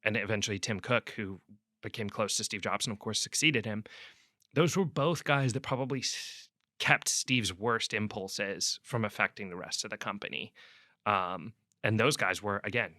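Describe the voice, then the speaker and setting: Bright-voiced man telling a long story. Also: fairly low pitch, moderate pace, no room sound, studio quality. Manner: rambling storyteller, restarts, acts out quotes loudly. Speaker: sports reporter guest. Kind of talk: conversational interview.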